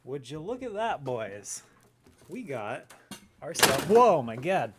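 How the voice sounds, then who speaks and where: A man's voice: a little high, big pitch swings, takes it slowly, heavy background noise. A man in his thirties hosting a livestream, rambling casually and answering viewers' questions. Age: 30s. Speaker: livestream host. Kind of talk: casual chat on a gaming livestream.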